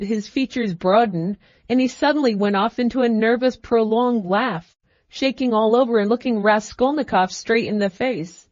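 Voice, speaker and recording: A woman narrating an audiobook in an even, measured reading. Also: fairly high pitch, no echo, highs cut off. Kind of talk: scripted narration.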